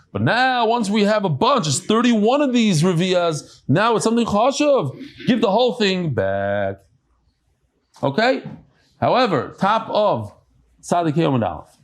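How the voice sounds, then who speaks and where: Casting: man giving a Talmud lecture, lively rising-and-falling voice, somewhat high, chatty. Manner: animated, chatty explanations with asides. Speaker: Talmud teacher. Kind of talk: daf yomi lecture to a live class. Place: study hall with a live audience.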